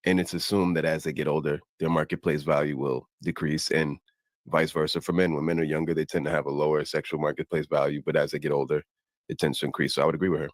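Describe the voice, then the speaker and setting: Man, very deep voice, measured, analytical, panel guest, dry sound. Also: level tone, dry recording. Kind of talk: panel discussion.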